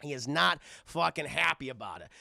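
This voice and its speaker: Brief: male streamer, very gravelly and bright, animated swearing film recap, dry close sound. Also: on the high side, fairly quick, no room sound. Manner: animated, profane, laughs often. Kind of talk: casual profane film recap.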